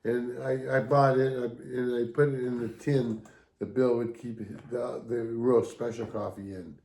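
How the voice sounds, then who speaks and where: Homem contando histórias numa sala com eco. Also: male voice, mid-range voice, level tone, normal speed, vocal fry, darkish tone. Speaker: retired firefighter co-host. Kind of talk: casual storytelling chat. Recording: roomy echo.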